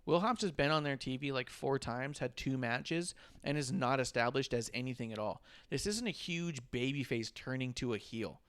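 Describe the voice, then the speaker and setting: A man's voice: mid-range voice, normal speed, hardly any pauses, fairly bright tone, clean tone. Chatty male wrestling podcast co-host. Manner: talkative, opinionated, asks co-hosts questions. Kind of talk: casual chat.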